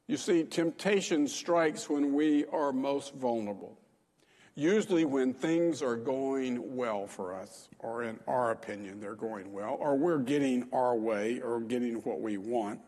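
A male pastor preaches in a relaxed, conversational way, stopping for small fillers as he goes. His voice is husky and mid-pitched, with a long reverb hanging in the church hall. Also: measured pace. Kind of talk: sermon.

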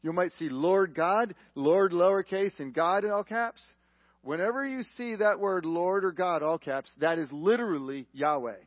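A man's voice: high-pitched, normal speed, no room sound, highs cut off. A man teaching the Bible to a live congregation, often asking the room questions and pressing his points with emphasis.

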